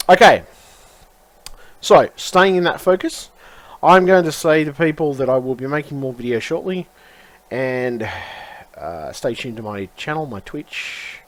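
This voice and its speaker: A man's voice: mid-range voice, expressive, measured pace, no echo. A man vlogging in a rambling, frustrated way, swearing often and circling back on his words. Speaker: YouTuber. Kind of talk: casual rambling vlog.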